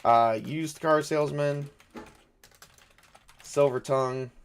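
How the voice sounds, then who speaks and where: A man's voice: fairly high pitch, fairly even intonation, takes it slowly, clean tone. Man thinking aloud over a solo game. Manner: rambling, self-correcting, chuckles at own jokes. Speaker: game master.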